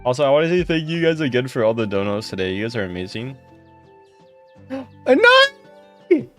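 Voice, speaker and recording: A livestreamer in casual chat with viewers, warm and thankful, greeting people by name and breaking into giggles. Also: mid-range voice, fairly even intonation, very fast, soft background music.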